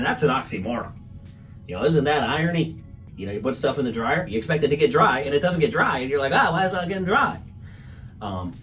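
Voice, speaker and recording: Low-voiced man joking through a podcast rant. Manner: swears a lot, acts out quotes in raised mocking voices. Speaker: comedian podcast host. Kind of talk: rambling comedic monologue.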